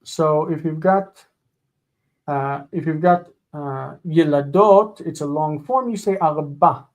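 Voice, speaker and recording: A man teaching a live online grammar lesson, explaining patiently and slowing down to spell out forms. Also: on the high side.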